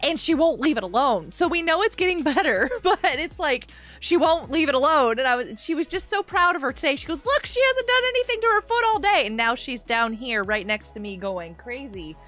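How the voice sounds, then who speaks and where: A woman's voice: high-pitched, lively intonation, moderate pace, a bit bright, faint music behind. A woman chatting casually on a gaming live stream from a carpeted room at home, giggly and laughing often.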